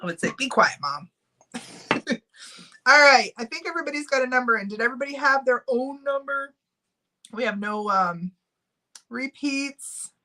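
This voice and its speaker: A woman's voice: high voice, moderate pace, pauses often, sharp tone. A middle-aged woman chatting casually on a live stream, giggling often and reading out viewer names while she runs a giveaway.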